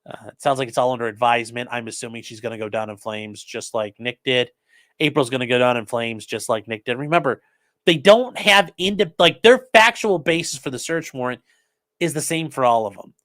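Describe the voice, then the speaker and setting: A man's voice: mid-range voice, brisk, fairly bright tone. A man hosting a casual commentary stream, reading viewer messages aloud and answering them sarcastically. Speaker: host reading chat.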